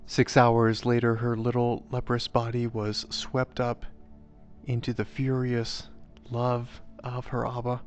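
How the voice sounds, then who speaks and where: A man, a chaplain, reading a devotional story aloud in a measured, even way. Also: mid-range voice, dull audio. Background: soft background music.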